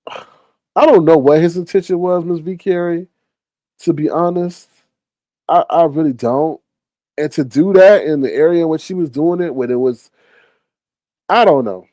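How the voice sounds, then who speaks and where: Exasperated, the streamer repeats himself, swears constantly and acts out what others said as he tells his viewers a story in a casual rant. His fairly high, warm voice moves at a moderate pace with frequent pauses, recorded dry.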